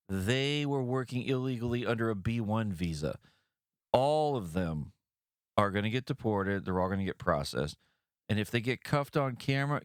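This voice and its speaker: Guy ranting about the news on his podcast, kinda low voice, swears a lot, dry close sound. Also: no room sound. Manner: blunt, profane ranting with mocking voices. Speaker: podcast host. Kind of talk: opinionated news commentary.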